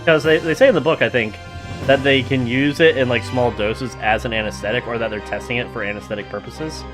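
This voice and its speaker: Brief: man playing through a game, excitable joking chat, mid pitch, music behind. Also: a little fast. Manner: joking, excitable, laughing often. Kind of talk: casual game commentary.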